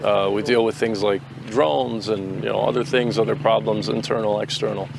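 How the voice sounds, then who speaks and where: Low gravelly American man. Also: steady tone, moderate pace, noisy background. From United States. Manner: earnest, opinionated, talks in restarting bursts. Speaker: interviewee, volunteer fighter. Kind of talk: interview answers.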